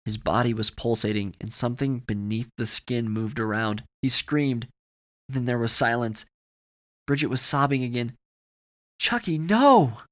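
A man's voice: medium pitch, fairly even intonation, moderate pace, fairly bright tone. A man narrating a horror story for a podcast with dramatic, varied delivery.

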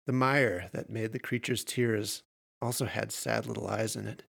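A man narrating horror fiction in a measured storytelling voice. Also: lowish voice, steady tone, gravelly, fairly bright tone, breathy edge.

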